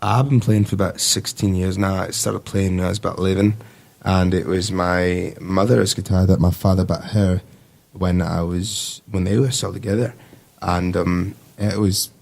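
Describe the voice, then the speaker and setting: A man's voice: sits low, level tone, moderate pace, gravelly, darkish tone. A man in his twenties, a navy sailor telling stories as a guest in a casual podcast conversation, rambling and easygoing with lots of fillers. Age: 20s.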